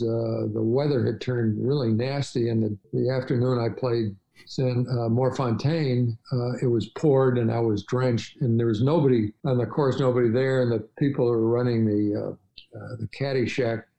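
A man's voice: mid-range voice, warm tone, low-quality recording. An older man telling travel stories as a podcast guest, rambling with many fillers and restarts. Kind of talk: casual storytelling interview.

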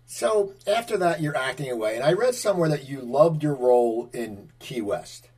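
A man hosting an interview, asking quick, rambling questions with restarts. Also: mid-range voice, animated, a little mellow, breathy edge. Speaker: podcast host. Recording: distant mic.

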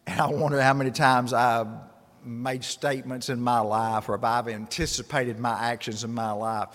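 A man's voice: medium pitch, flat delivery, normal speed, fairly bright tone. A man preaching a sermon as a pastor, earnest and rising to emphatic bursts. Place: church sanctuary. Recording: long hall reverb.

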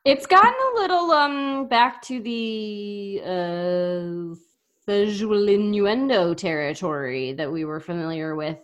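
A woman's voice: medium pitch, slow. A woman co-hosting a podcast, chatting casually and playfully, often laughing. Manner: animated, laughing, playful asides. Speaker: podcast co-host. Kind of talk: casual chat.

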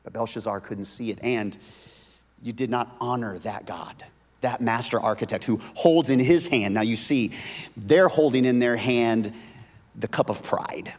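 A man's voice: mid-range voice, a little slow. Man preaching in a reverberant hall. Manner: dynamic delivery, swinging from hushed whispers to loud emphatic bursts; repeats words and restarts phrases. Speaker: pastor. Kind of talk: sermon. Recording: long reverb of a large hall.

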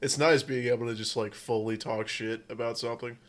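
A man's voice: medium pitch, steady tone, a little fast. A young man with a mid-range voice chats casually and jokes crudely. He often trails off mid-sentence as he talks over his friend. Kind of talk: casual podcast banter.

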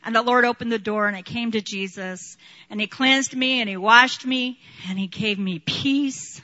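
A woman preaching a sermon and sharing her testimony, animated, laughing often and acting out quotes. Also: a little high, moderate pace, muffled recording.

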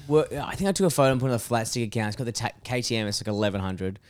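A man's voice: mid-range voice, very fast. A young adult man, co-hosting a podcast in casual, joking chat, swearing freely and cutting in. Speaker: podcast co-host.

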